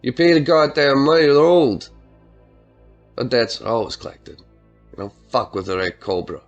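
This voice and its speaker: A man voicing a menacing male cartel boss with a rough, throaty accent, speaking in a cold and threatening way. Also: medium pitch, expressive, moderate pace, highs cut off, soft background music, lightly acted.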